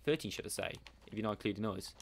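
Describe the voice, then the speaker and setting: Gaming streamer, man, lowish voice, upbeat chatter peppered with "mate" and "bro", thanking viewers between fights; faint hiss and keyboard clicks under the headset mic. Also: rapid-fire. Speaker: game streamer. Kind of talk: live game commentary with viewer shout-outs.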